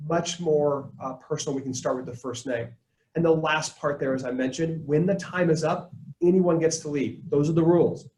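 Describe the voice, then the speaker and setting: A man presenting a live leadership webinar, coaching his audience in an energetic tone and acting out the lines he quotes. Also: fairly high pitch, normal speed, echoey room, low-quality recording. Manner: energetic, coaching tone, quotes people in put-on voices.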